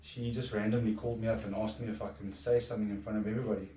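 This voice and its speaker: A man's voice: on the low side, little pitch movement, racing, dark tone, slight background noise. A middle-aged man, a podcast guest talking in a reflective, earnest way with frequent restarts. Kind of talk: casual conversation. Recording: echoey room, distant from mic.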